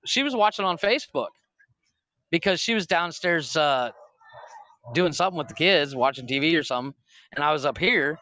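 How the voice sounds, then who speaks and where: A man with a slightly high voice tells stories on a casual comedy podcast, swearing freely and breaking into laughter. The sound is dry and close, with no room around it. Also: expressive, fairly quick, pauses often, sharp tone, dry recording. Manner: storytelling with frequent laughter, swearing. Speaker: podcast co-host.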